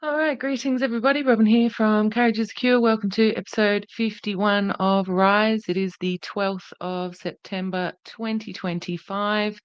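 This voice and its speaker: A woman's voice: medium pitch, fairly even intonation, normal speed, few pauses, clean tone, dry recording, lo-fi sound. A woman hosting a podcast livestream in a casual, chatty way, greeting viewers by name and speaking earnestly and indignantly. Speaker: podcast host.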